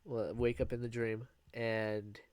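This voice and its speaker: A man's voice: mid-range voice, level tone, unhurried, a little mellow, dry recording, clean studio sound. A young man casually telling a personal story in a vlog, rambling and restarting as he goes. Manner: rambling, with fillers and restarts, laughing at himself. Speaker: vlogger.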